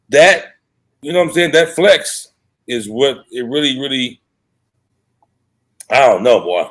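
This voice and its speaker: Rambling, frank man hosting a live chat. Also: medium pitch. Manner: loose and rambling, frank, quick asides and self-corrections. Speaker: dating coach hosting a live show. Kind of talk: casual livestream chat, reading viewer comments.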